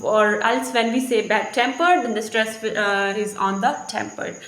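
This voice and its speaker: A woman's voice: mid-range voice, fairly even intonation, a little slow, fairly bright tone. A woman teacher with an Indian English accent explaining a lesson step by step, repeating her examples. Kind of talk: recorded lecture. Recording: echoey room.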